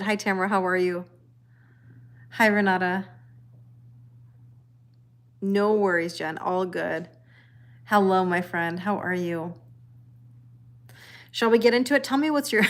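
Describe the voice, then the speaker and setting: A woman's voice: mid-range voice, fairly bright tone. Middle-aged woman, tarot live-stream host, casual chat with viewers, laughs often. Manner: chatty, greets viewers by name, laughs often. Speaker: tarot reader livestream host.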